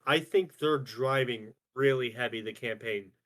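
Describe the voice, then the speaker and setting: A man's voice: medium pitch, unhurried, a bit bright. Young man rambling casually. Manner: rambling, restarts, swears casually. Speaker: podcast co-host. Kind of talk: casual chat among friends.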